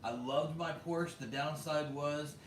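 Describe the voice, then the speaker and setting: A man's voice: a little high, fairly even intonation, a little slow, far from the mic. Chatty American man, roomy off-mic sound. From United States. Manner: chatty, laughs often, fillers like "like" and "bro". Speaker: vlog host reading viewer comments. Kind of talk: casual livestream chat. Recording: roomy echo, a bit off mic, faint background hum.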